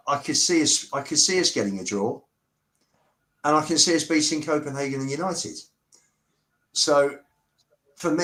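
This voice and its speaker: Measured mid-pitched fan. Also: male voice, fairly bright tone, low-quality recording. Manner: measured, listing predictions. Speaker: fan podcast panelist. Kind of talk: casual football predictions.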